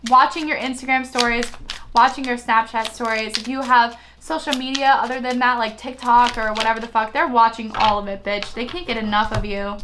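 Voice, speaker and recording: A woman's voice: fairly high pitch, noisy background. A young woman giving a casual tarot reading, chatty and giggly, swearing freely as she talks. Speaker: tarot reader.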